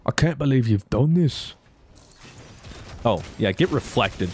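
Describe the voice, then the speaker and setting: A young man talks over his own gameplay, joking, grumbling and suddenly yelling when something goes his way. His pitch swings widely, landing at an ordinary middle height between the outbursts. There is a faint hiss of noise under his voice. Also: measured pace, long pauses. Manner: excitable, jokey, with sudden loud outbursts. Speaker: gaming YouTuber. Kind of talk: gameplay commentary.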